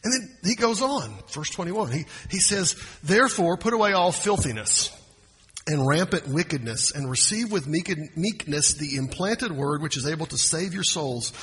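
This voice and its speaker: A man's voice: a little high, expressive, moderate pace, fairly bright tone, slightly rough, long reverb tail. A man preaching a sermon in a conversational, folksy way, often restarting his phrases. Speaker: pastor.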